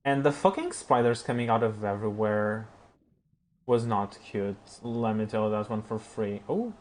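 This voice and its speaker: A man streaming a game live, chatting to his viewers, reacting loudly and swearing as he plays. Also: lowish voice, normal speed. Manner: excitable, swears, talks to chat. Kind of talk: live gameplay commentary.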